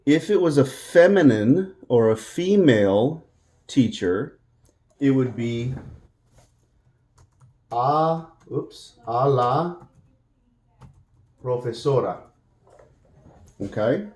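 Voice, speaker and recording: A man teaching a Spanish grammar lesson in English, patiently repeating words slowly for practice. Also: mid-range voice, animated, darkish tone. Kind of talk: classroom-style language lesson.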